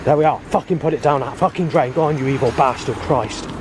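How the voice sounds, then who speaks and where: A man's voice: medium pitch, fast talker, noisy background. A man, recording a rambling spoken video diary outdoors on a muddy path with a handheld camera, talking in an agitated, swearing way. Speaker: video diarist.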